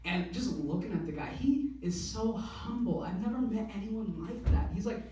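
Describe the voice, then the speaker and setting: Молодой мужчина эмоционально и небрежно читает стендап, не стесняется ругательств. Интонация очень живая, голос звучит издалека, в гулком клубе. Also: male voice, sits high, heavy reverb, recorded from a distance, background noise. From US (California). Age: young adult. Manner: excitable, casual, swears freely, quick laughs. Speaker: stand-up comedian. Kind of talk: stand-up routine.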